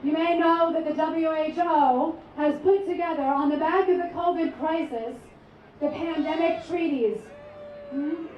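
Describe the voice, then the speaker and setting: Measured woman professor addressing a rally. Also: high-pitched, a little hiss or hum. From born abroad. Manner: measured, articulate, lecturing. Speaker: professor giving a rally speech. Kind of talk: prepared rally speech. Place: outdoor rally over loudspeakers. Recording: echoey distant lo-fi rally sound.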